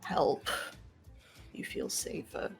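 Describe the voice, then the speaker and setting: A woman playing a gentle young woman who calmly soothes a frightened friend in a tabletop horror game. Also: soft background music, close to an everyday voice. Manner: soft, slow and soothing, half whispered.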